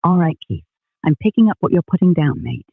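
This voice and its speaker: A man's voice: fairly high pitch, lively intonation, fairly quick, gravelly, slightly rough, dry recording, narrow, tinny audio. A synthetic male voice with a Northern English accent, an AI co-host bantering in a cheeky, chummy way. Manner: chummy, cheeky, calls people mate. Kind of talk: casual banter.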